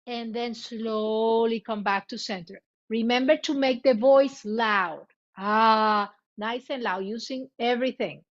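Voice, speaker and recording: A woman's voice: fairly high pitch, measured pace, few pauses. Woman guiding chair yoga, muffled recording. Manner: switches between English and Spanish cues; demonstrates loud vocal sounds. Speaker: yoga instructor.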